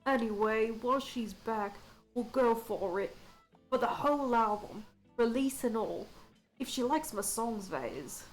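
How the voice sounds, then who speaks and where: A woman's voice: on the high side, animated, a little slow, poor audio. A woman voicing a young male band musician in a game, scatterbrained and nervous about his songs, trying out a put-on accent over faint game music. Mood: hopeful. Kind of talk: reading game dialogue aloud.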